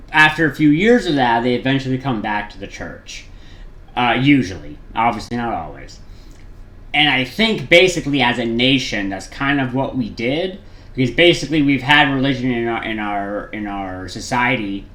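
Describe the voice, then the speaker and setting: A man's voice: medium pitch, fairly bright tone. A man hosting a reaction video, chatting casually in a rambling way with lots of fillers and restarts. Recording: roomy echo.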